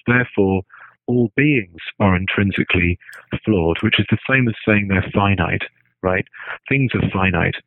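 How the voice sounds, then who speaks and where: Low-voiced man thinking aloud with stops and restarts, dry phone-line sound. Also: dry recording. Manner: hesitant, restarts often, keeps asking "right?". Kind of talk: casual spoken musing.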